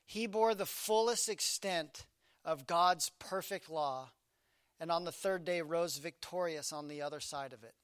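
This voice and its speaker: Male pastor with a high, dry voice; dynamic sermon delivery, loud peaks dropping to a hush. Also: a little slow, clean tone, no room sound. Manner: dynamic preaching, swinging from loud emphasis to hushed low delivery.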